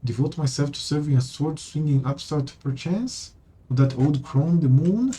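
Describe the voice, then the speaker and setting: A haughty demon queen, voiced by a man who sneers at everyone around her. The voice is dark and husky. She is scornful and unhurried, as in a game read-through. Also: a little high. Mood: mocking. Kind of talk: reading game dialogue aloud.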